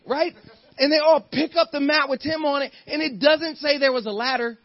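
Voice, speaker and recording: A male guest preacher with a high voice and a slightly husky edge, delivering a lively sermon. He swings into playful character voices and builds to loud, fired-up peaks. The sound is dry and somewhat dull. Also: fairly quick, no room sound. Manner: animated, acts out the characters in the story.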